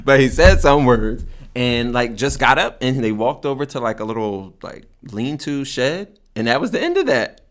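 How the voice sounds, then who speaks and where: A man telling a story casually, full of fillers, getting animated and jumping high when he quotes himself. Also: normal speed. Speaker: community member telling a story.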